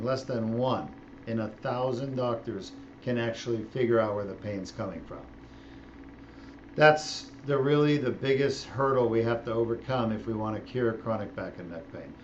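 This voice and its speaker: A man's voice: medium pitch, highs cut off, a little hiss or hum. A middle-aged man, a spine surgeon, explaining his work in a casual, joking way while he operates. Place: operating room.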